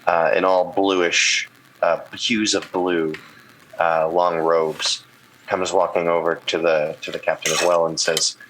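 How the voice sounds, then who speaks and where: Guy running a tabletop game, low bright voice, bit of background hiss. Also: unhurried, rough recording. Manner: relaxed, many fillers. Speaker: game master.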